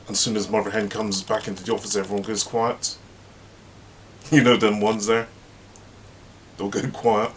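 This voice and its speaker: A man's voice: on the low side, level tone, normal speed, long pauses, a little hiss or hum. A man hosting his own channel, telling a story in a chatty, anecdotal way with emphatic asides. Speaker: host. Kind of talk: casual storytelling monologue.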